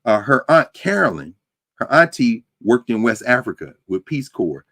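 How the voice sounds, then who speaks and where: A man lecturing to a university class, talking in a lively, conversational way with frequent asides to his students. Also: mid-range voice, normal speed, dry recording. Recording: dry close sound.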